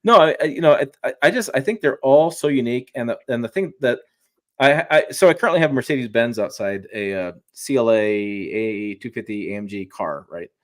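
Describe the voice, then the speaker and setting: A man's voice: mid-range voice, lively intonation, fairly quick. A man talking trucks as a journalist guest in a casual live-stream chat, emphatic and rambling, often restarting his sentences.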